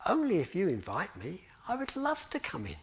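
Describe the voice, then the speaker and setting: A man voicing a talking candle in a children's story, speaking gently, kindly and patiently. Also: sits high, a little slow, creaky. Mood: gentle, loving.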